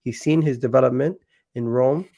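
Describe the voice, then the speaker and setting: A man hosting a casual football talk show, sounding sick and nasal, talking haltingly with many restarts. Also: medium pitch, gravelly, warm tone. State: sick, nasal and deeper than usual. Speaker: football channel host.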